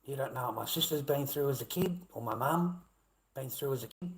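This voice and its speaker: A man's voice: medium pitch, a little fast. A middle-aged man with an Australian accent ranting bluntly at his live chat, swearing heavily and repeating himself. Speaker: livestreamer.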